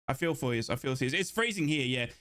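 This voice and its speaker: An Australian man with a mid-range voice hosts a live football watchalong stream, talking fast. He's chatty and excitable, reading out chat messages and sometimes shouting hype.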